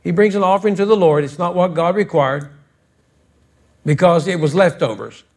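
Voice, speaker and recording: High-voiced scolding preacher man. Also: moderate pace, darkish tone. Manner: preachy and scolding, builds to fervent. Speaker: pastor. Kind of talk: sermon. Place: church sanctuary.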